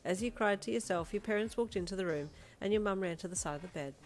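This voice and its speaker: A woman narrating a second-person fanfiction story in a steady, emotive way. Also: medium pitch, fast.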